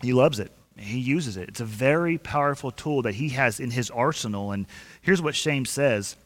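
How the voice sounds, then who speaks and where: A man preaching a sermon as pastor, telling the story with animated delivery, acting out the quoted voices, and often repeating and restarting his words. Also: medium pitch, moderate pace. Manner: frequent repetitions and restarts.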